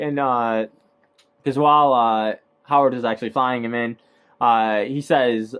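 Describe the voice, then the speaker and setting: A man's voice: medium pitch, fairly even intonation, unhurried, a bit bright, smooth. A man casually recapping a movie, rambling with lots of fillers and hesitations. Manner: rambling, filler-heavy, laughs at own points.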